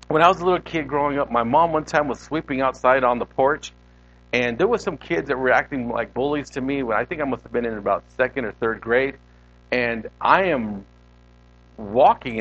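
A man preaching a sermon, telling a story with sudden loud exclamations and quiet, hushed passages. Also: fairly high pitch, highs cut off. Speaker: pastor.

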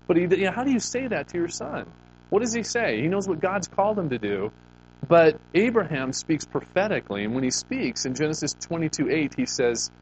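Expressive preaching man, faint hum. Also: medium pitch, poor audio. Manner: expressive preaching, reads scripture aloud, rhetorical questions. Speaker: pastor. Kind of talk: sermon.

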